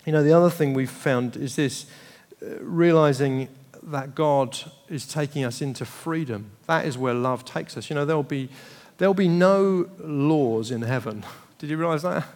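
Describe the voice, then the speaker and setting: A man preaching as a pastor, animated and acting out family dialogue with laughter. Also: on the high side, normal speed, hardly any pauses. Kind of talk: sermon. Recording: long hall reverb.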